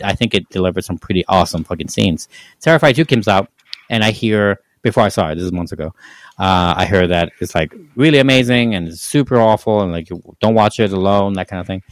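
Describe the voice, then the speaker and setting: A man with a low voice talks through a film review in a loose, casual way. He circles his points with restarts and fillers. The sound is close and dry. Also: no echo. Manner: rambling, frequent restarts and fillers. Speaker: podcast co-host. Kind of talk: casual movie review chat.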